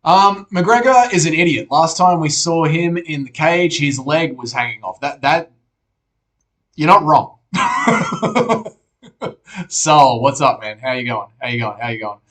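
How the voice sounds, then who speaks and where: A man's voice: fairly high pitch, lively intonation, unhurried, long pauses, fairly bright tone. Laid-back Australian man chatting with viewers. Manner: laid-back, swears often, calls viewers mate. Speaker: streamer host reading chat. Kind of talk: casual live-stream chat.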